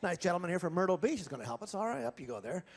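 A man's voice: sits high, very animated, very fast. A man hosting a ventriloquist stage show, folksy and teasing as he coaxes audience volunteers. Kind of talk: live stage comedy banter. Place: large theatre stage with audience.

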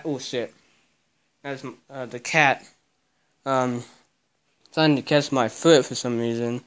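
A young man vlogging while he tidies a messy bedroom, grumbling and cursing as he goes. His voice is smooth and clear, sitting at a middle pitch for a man. He is recorded on camera in the room. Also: fairly even intonation, slow, long pauses, fairly bright tone. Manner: grumbling, swears a lot. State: out of breath. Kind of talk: casual vlog while cleaning. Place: cluttered bedroom, indoors.

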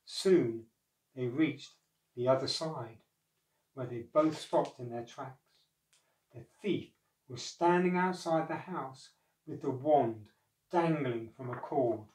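Slow, expressive male storyteller. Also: mid-range voice. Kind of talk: storybook narration. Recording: echoey room, far from mic.

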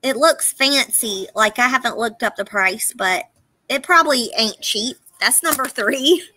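A woman with a Southern accent hosts a live-stream auction and chats as she lists the items in each lot. Her voice is high and bright. She talks at an easy, unhurried pace, and the recording sounds close and dry. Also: no room sound, poor audio. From Southern United States. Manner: chatty, laughing, reading out product names.

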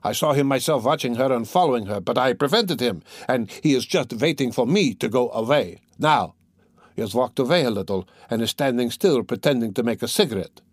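A man's voice: medium pitch, a little fast, husky, dry recording, studio quality. A man doing a frantic young student. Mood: pleading. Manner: urgent, pleading, excitable. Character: agitated young male student, indignant.

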